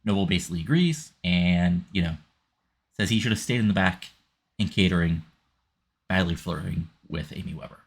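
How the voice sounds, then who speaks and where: A man's voice: deep voice, moderate pace, gravelly, husky. A man casually narrating a wrestling sim game, rambling with lots of fillers.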